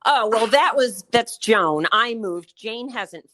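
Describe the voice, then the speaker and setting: A woman's voice: fairly high pitch, lively intonation, slow pace, bright, forceful tone. A woman in her sixties from Connecticut with a New Haven accent, a former therapist chatting and joking as a podcast guest. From New Haven County, Connecticut. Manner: chatty, jokey, storytelling. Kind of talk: casual interview chat.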